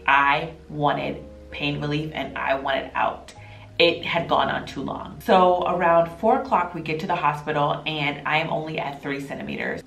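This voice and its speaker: A woman vlogger telling her own birth story to camera in an emotional, animated way, often quoting what people said. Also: low voice, gravelly. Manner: emotional, animated retelling with quoted voices. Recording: echoey room with faint music.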